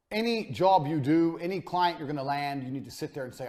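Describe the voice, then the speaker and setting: A man teaching a business course in a blunt, emphatic motivational lecture style, with short punchy sentences and casual swearing, his voice falling quiet at the ends of phrases. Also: fairly high pitch, a little fast, hardly any pauses. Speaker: course instructor.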